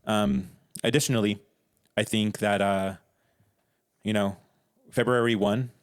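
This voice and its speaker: A young man co-hosting a podcast, talking casually with dry, deadpan teasing. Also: on the low side, measured pace, clean tone, no room sound. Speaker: podcast co-host. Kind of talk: casual chat.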